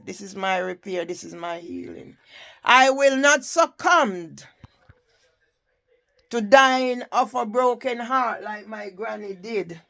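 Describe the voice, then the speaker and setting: Slow, gravelly older Jamaican woman. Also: medium pitch, a bit bright. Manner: impassioned, asks the listener "Yeah?". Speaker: campaigner telling her story. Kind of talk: personal testimony to camera.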